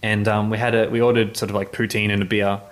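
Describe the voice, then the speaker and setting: A man's voice: on the low side, flat delivery, quick pace. A man, a journalist telling casual anecdotes in an interview, rambling with many restarts. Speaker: motorsport journalist.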